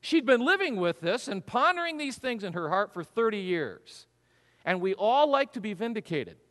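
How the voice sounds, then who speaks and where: Male pastor, high and very animated delivery, sermon in a reverberant church hall. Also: normal speed. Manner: animated storytelling, acts out voices.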